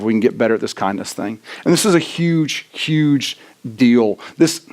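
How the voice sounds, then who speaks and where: A middle-aged man preaching a sermon in a church, animated and self-deprecating, often tossing in "right?" to the congregation. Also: medium pitch. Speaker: pastor. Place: church sanctuary.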